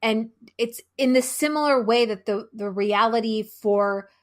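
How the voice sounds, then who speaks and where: A woman who is a guest on a podcast, speaking frankly and deliberately and swearing freely. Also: fairly high pitch. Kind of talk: casual podcast conversation.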